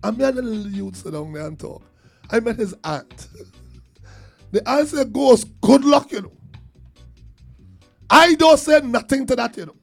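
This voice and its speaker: A man's voice: extremely high pitch, measured pace, vocal fry, long pauses, soft background music. A man with a Trinidadian accent, telling a community story in casual talk, acting out what others said. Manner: animated storyteller, acts out quotes, laughs between lines.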